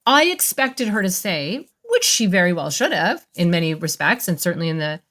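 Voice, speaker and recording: Animated woman therapist telling stories. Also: on the low side, moderate pace. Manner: animated, expressive storyteller. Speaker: therapist, podcast guest. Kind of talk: interview storytelling.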